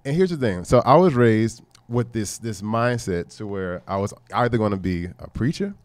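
A man, a podcast guest telling his story in animated, casual chat with quick asides. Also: on the low side, no echo. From Port Arthur, Texas, USA. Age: 30s. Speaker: podcast guest, fitness entrepreneur.

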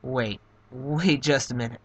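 A man's voice: mid-range voice, measured pace, natural voice. A man voicing a puzzled young princess in game dialogue, bemused and questioning, barely shifting from his own voice.

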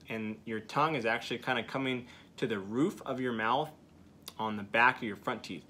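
A man's voice: mid-range voice, normal speed, bright, forceful tone, a little hiss or hum. A man teaching beginners to use a duck call, coaching step by step with frequent "okay" check-ins. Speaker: duck calling instructor. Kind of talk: hands-on teaching demonstration.

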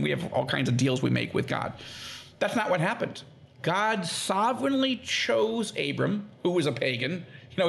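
Guy w a high gravelly voice, really animated, teaching bible stuff on a podcast and doing little voices for quotes. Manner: animated, acts out quoted speech in lively tones. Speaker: podcast guest.

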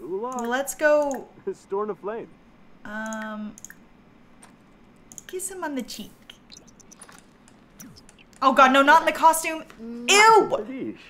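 Female streamer, casual game commentary, lively swooping voice, quick to laugh. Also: sits high, a little hiss or hum. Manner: animated, laughing, talks to her game characters.

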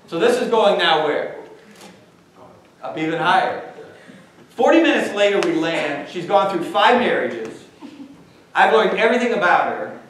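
A man giving a university talk, telling an anecdote with animated delivery and questions tossed to the audience. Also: sits high, a little slow, a little hiss or hum. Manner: animated storytelling, quizzes the audience. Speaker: guest speaker. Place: large lecture hall. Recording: echoey hall, far from mic.

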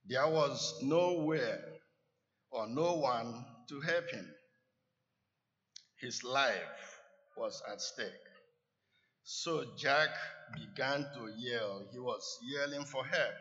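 A male church elder tells a sermon story, very slow and deliberate, with a bright, clear tone. The sound is dull and lo-fi. A long reverb from the church sanctuary hangs after every phrase. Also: medium pitch. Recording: echoey church hall, dull lo-fi.

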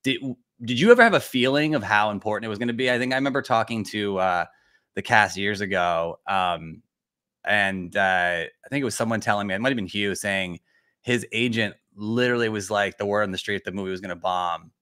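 A man's voice: fairly low pitch, fairly quick, sharp tone, smooth. A man hosting a casual interview, enthusiastic and often stumbling over his words as he asks questions. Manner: enthusiastic, stammering restarts. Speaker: podcast host.

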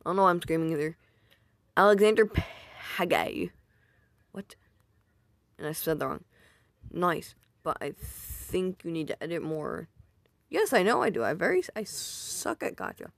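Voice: mid-range voice, big pitch swings, moderate pace, vocal fry, long pauses, no room sound. A YouTuber casually reading viewer comments aloud, rambling and poking fun at their own old videos. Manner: self-deprecating, rambling, reacts aloud.

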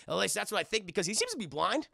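Male streamer, high gravelly voice, bright, profane, rambling, talking to chat. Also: sing-song, very fast, dry recording, studio quality. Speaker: streamer reviewing anime. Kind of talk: casual recap to live chat.

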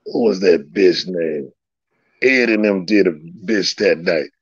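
A man's voice: low voice, slow pace, husky, dry recording. A man telling old stories in a casual, profane way, laughing often and acting out the dialogue. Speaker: guest recounting old stories. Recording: slightly dull lo-fi sound.

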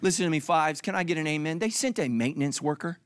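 A man's voice: fairly high pitch, quick pace, smooth. A middle-aged male pastor giving a comedic sermon, acting out other people's lines for laughs.

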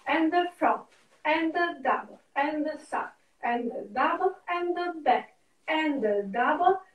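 A woman's voice: sits high, animated, measured pace, lo-fi sound. A woman teaching a ballet class, calling out counts and steps in short phrases. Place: dance studio. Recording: roomy studio, far from the mic, music behind.

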